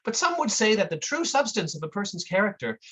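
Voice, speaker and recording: Smug self-help lecturer, patronizing and unhurried, played by the performer. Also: mid-range voice, big pitch swings, a bit bright, slightly rough, voice pushed up. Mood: condescending. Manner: slow, condescending, lecturing. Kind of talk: comic performance piece.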